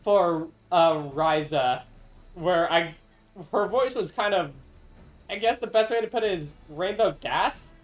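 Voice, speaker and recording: A man's voice: sits high, measured pace, soft background music, low-quality recording. A man streaming a game, chatting casually with a friend and laughing often between rambling asides. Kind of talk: casual gameplay chat.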